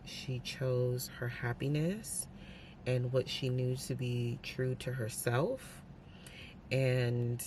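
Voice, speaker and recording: Young woman, low voice, slow relaxed pace, casual book vlog chat, candid opinions, faint background noise. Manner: candid, chatty book reactions with opinionated asides. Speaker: book vlogger.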